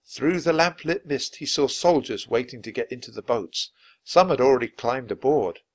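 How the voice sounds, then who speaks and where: A man narrating a children's chapter book in a clear, measured read-aloud style. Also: mid-range voice. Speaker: storybook reader.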